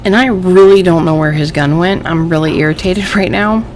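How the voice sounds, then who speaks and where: A woman's voice: fairly low pitch, moderate pace, darkish tone, a little hiss or hum. A woman hosting a let's play, thinking aloud and reading game text aloud, easily irritated by the game. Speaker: gaming channel host.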